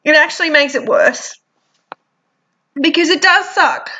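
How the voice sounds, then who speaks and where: A woman's voice: high voice, a little slow, bright, forceful tone. A woman, talking frankly in a personal vlog, teary and sniffly, swearing freely. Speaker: vlogger.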